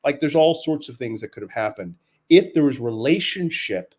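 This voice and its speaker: A man's voice: medium pitch, animated, normal speed, darkish tone, a little hiss or hum. A man in a casual conversation, an education advocate who makes his points thoughtfully and repeats words as he builds them.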